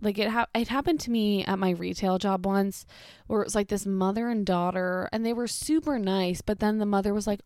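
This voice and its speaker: A woman's voice: medium pitch, steady tone, fairly quick, a little mellow, clean tone, dry recording, clean studio sound. A young woman chatting casually as she reads out embarrassing stories, blunt and incredulous, swearing freely. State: pregnant. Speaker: storytime creator. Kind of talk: casual chat reading stories aloud.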